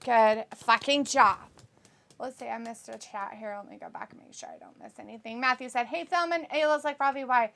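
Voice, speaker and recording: A woman's voice: a little high, a little fast, creaky, bright, forceful tone. A woman co-hosting a live watch-along, casually reading viewer comments aloud, laughing often and swearing freely. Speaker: co-host of a wrestling watch-along.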